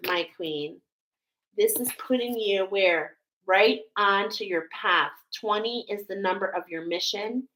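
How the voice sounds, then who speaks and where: A woman giving a spiritual oracle card reading to her viewers, speaking with emotional awe and warm affirmations. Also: on the high side, rough recording.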